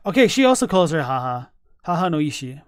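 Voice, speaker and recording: A man's voice: fairly high pitch, very animated, fast talker, clean tone, dry recording, studio quality. A man casually chatting on a live stream, thinking aloud with many fillers and restarts while reading chat messages. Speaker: streamer reacting to game lore.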